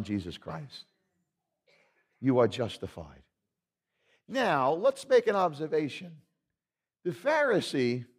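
Male pastor preaching, high voice, emphatic, loud peaks and quiet drops. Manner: emphatic, swings from loud to hushed. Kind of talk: sermon.

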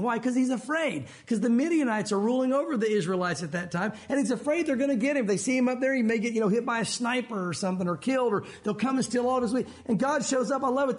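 A man preaching a sermon and teaching from the Bible, animated, acting out the voices in his stories. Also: very high voice. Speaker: pastor.

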